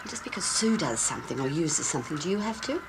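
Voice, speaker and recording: An Australian actress playing a middle-aged mother in a 1970s film drama who scolds her family in a brisk way. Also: low voice, very animated, heavy background noise. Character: nagging middle-aged suburban mum.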